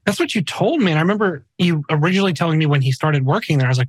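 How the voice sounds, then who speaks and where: A man's voice: a little high, animated, very fast, slightly rough, no echo. A man in his forties co-hosting a podcast in casual chat, wry and teasing. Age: 40s. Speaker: podcast co-host.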